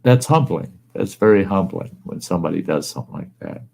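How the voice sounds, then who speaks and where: A man with a deep, gravelly voice spins a casual, rambling yarn from his home. His tone is dark and mellow, and he talks in a plain, folksy way as the host of his own storytelling show. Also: animated, a little fast. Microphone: wearing earbuds.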